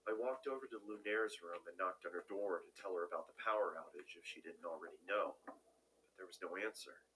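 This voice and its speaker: A man tells a first-person horror story in calm, measured narration. His voice is very low yet bright and forceful, with a faint hiss of noise behind it. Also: rough recording.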